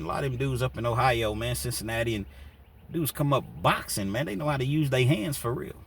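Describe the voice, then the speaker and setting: A man's voice: medium pitch, fairly bright tone. A man telling a prison story in a loose, rambling way with lots of "you know, man", recorded from a distance with faint background noise. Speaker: storyteller recounting prison life. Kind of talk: casual spoken storytelling.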